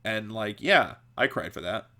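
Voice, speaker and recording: A man's voice: lowish voice, lively intonation, measured pace, bright, forceful tone. A man hosting a podcast, telling a story in a casual, rambling way, with frequent laughter, restarts and filler words. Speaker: podcast host.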